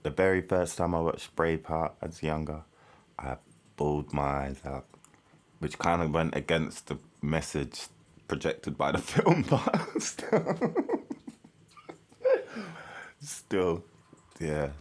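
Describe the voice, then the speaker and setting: Very deep-voiced casual commentator. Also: male voice, expressive, slow pace, long pauses. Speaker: reaction video host.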